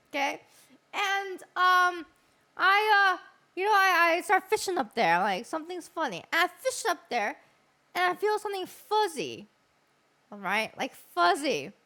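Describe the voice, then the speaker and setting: A woman's voice: very high-pitched, sharp tone. A young woman hosting a stream, telling a crude story with lots of laughing and swearing. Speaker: streamer host. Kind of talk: casual stream chat.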